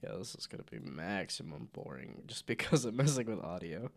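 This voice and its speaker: A game developer streams live while coding, casually thinking aloud and muttering to himself in a voice that sounds sick. It's on the low side and gravelly, very animated and a little fast.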